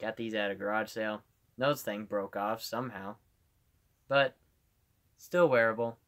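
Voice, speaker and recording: A man's voice: fairly low pitch, steady tone, measured pace, fairly bright tone. A male streamer chatting casually on a live stream, rambling and giggling, with lots of "like".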